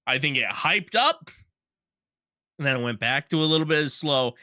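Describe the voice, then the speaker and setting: Podcast co-host, male, very bright voice, dry close sound, animated storyteller. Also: a little high, normal speed, no room sound. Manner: animated storyteller, acts out his own reactions; laughs often. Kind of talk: casual chat.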